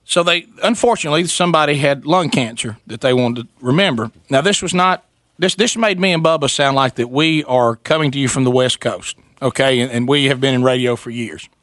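A man, co-hosting a talk show and telling a comic story in an animated way, mimicking people as he goes. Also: a little fast, dry recording. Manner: animated, imitates people in falsetto while telling stories. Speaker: radio show co-host.

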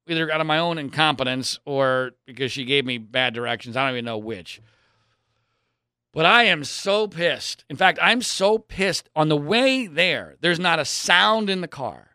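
A man, probably in his thirties, telling a personal story in an exasperated way, swinging between loud outbursts and low mutters. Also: clear, resonant tone, dry recording, clean studio sound.

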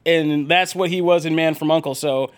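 A man's voice: a little high, fairly even intonation, normal speed. A man hosting a podcast in casual chat, joking and rambling with fillers. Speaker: podcast host.

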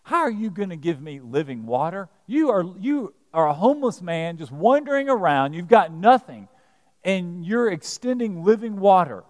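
A man's voice: sits high, sing-song, normal speed, a little mellow. A preacher voicing a skeptical village woman at a well, speaking sarcastically. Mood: wry. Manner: sarcastic, wry. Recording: reverberant church hall.

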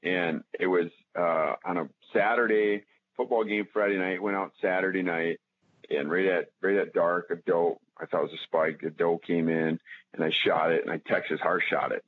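A man's voice: sits low, moderate pace, a little hiss or hum. A man telling hunting stories as a podcast guest in a rambling, casual way, with lots of fillers and restarts. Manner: rambling, many restarts and fillers, animated when retelling. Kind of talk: casual storytelling. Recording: tinny phone-line audio.

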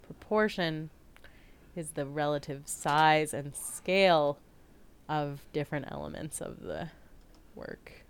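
A woman co-hosting a casual chat, playful and quick to laugh, trailing off into "like" and sound effects. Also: low-pitched, expressive, clear, resonant tone. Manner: playful, giggly, scats sounds. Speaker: co-host. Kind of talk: casual chat about art.

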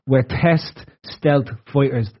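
A man's voice: medium pitch, slow pace. A man hosting a casual podcast, rambling and joking with friends and laughing often. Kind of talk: casual banter. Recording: dull lo-fi audio.

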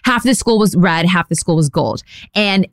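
A woman's voice: fairly low pitch, lively intonation, moderate pace, no echo, clean studio sound. A young adult woman hosting a podcast, chatting casually and rambling with lots of fillers. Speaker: podcast host.

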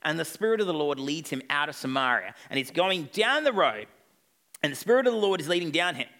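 A man's voice: on the high side, lively intonation, fairly quick, sharp tone. A male pastor preaching an evening sermon, retelling a story with playful asides to the congregation.

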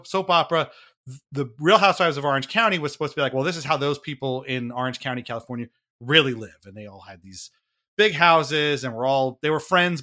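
Chatty wry man with a bright voice. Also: mid-range voice. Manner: chatty, wry, laughs at himself, trailing restarts. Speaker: podcast co-host explaining a reality show. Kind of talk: casual podcast chat.

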